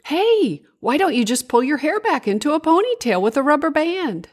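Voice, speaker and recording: Friendly cabbage moth, voiced by a woman, very high, chirpy, slow, lively pitch. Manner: bright, chirpy, helpful. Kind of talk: storybook character voice.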